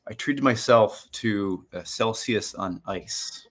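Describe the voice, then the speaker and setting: A man's voice: on the low side, slow, a bit bright. A man in his forties co-hosting a casual video-call chat, rambling and restarting his sentences. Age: 40s. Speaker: podcast co-host.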